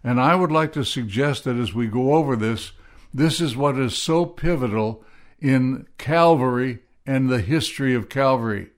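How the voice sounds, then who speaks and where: A man preaching a sermon, reading scripture aloud in a deliberate way and pressing hard on key words. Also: mid-range voice. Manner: slow, deliberate reading, rising to emphatic stresses. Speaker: pastor.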